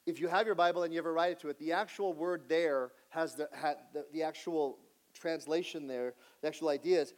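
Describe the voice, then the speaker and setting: A man pastor preaching a sermon in an earnest way, moving between lively asides and hushed emphasis. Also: fairly high pitch, brisk.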